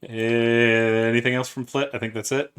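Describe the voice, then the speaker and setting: A man running a tabletop game as game master, briskly working out movement and rules aloud for his players. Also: mid-range voice, level tone, a bit bright, clean tone.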